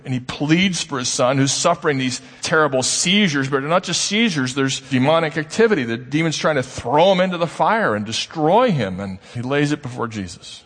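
A man preaches in an earnest, explaining way, his voice at an ordinary middle pitch. When he quotes someone he lifts his tone into a plea. A long reverb trails each phrase, as in a large hall. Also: a bit bright. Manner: earnest, acts out quoted speech with rising pitch. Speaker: pastor. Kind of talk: sermon.

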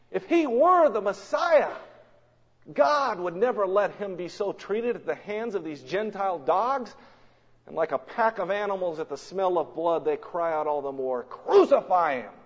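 A man preaching a sermon in a dramatic storytelling manner, swinging between loud and hushed, recorded in a church or large hall. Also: sits high. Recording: long hall reverb, dull lo-fi sound.

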